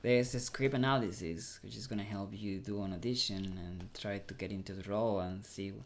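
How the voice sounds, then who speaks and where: A man with a Mexican accent, a Spanish speaker talking as an actor guest in a casual interview, halting and restarting as he searches for English words. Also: on the low side, fairly even intonation, a little hiss or hum.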